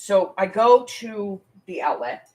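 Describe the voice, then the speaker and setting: A woman's voice: mid-range voice, lively intonation, takes it slowly, dark tone, husky. An older woman hosting a craft channel, telling a rambling, chatty story with many asides. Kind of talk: casual storytelling vlog.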